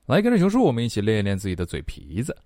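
A man leads an online English lesson in a low, dark voice. He explains quickly, then repeats each phrase slowly for learners. The recording is dry and close. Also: wildly swooping pitch, no room sound. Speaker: English pronunciation and singing teacher.

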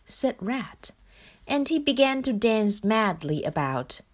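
A woman from China reading a children's picture book aloud in a slow, expressive storytelling manner. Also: a little high. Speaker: storybook reader.

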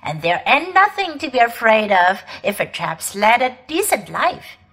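Steady, hearty cab driver read by a woman, firm and reassuring, high-pitched. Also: a little slow, heavily acted.

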